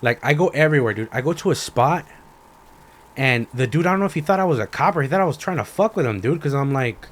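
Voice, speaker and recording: A man's voice: a little high, quick pace. Profane ranting young man. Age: young adult. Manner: profane, animated, acts out both sides of conversations. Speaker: podcast host. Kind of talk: ranting casual storytelling.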